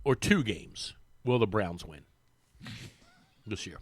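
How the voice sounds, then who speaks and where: A man chatting casually as a guest in a radio studio, telling animated stories with frequent restarts. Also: lowish voice, takes it slowly, breathy edge, no echo. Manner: animated storyteller, mimics voices, lots of restarts. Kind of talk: casual sports radio chat. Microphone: studio microphone.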